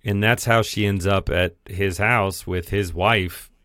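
A man with a very deep voice talks slowly and deliberately as he walks through his take on a film. The sound is dry and close, with no room around it. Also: fairly even intonation, a bit bright, dry recording. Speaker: podcast co-host. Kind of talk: casual film review chat.

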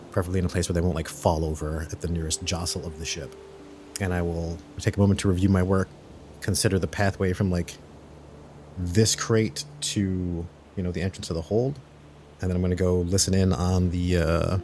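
Low-voiced man planning moves aloud. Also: slight background noise. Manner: deliberate, plans his character's moves out loud. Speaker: player. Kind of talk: tabletop game play.

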